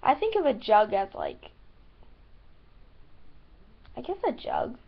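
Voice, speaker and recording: Chatty American woman with vocal fry. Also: fairly high pitch, wildly swooping pitch, slow pace, dull audio. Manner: chatty, giggly, playfully teasing. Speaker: vlogger. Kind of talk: casual talk to camera.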